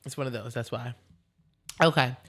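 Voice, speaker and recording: A woman hosting a podcast, chatting in an animated, rambling way and laughing easily. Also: rumbling low, normal speed, slightly rough. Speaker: podcast host. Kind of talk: casual chat.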